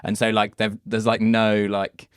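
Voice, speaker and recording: A man's voice: on the low side, monotone, a little slow, smooth, no room sound, studio quality. A man guesting on a podcast as a comedian, telling rambling, self-deprecating stories in casual chat.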